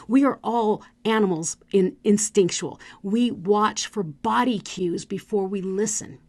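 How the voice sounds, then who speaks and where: A middle-aged woman, a speaker coach, giving an animated motivational talk with demonstrative asides. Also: mid-range voice.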